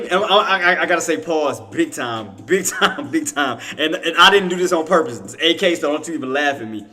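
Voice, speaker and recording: A man rambles through live trading commentary, talking to himself and laughing often. His voice is bright and a little high. Faint music plays underneath. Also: very animated, brisk. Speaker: stock trading streamer.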